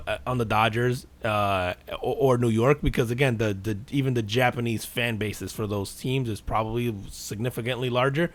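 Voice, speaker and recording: A man's voice: medium pitch, moderate pace, hardly any pauses. A man co-hosting a podcast, chatting casually and energetically about baseball, full of dudes and curse words. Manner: animated, rambling, swears and says dude. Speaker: podcast co-host. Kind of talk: casual sports chat.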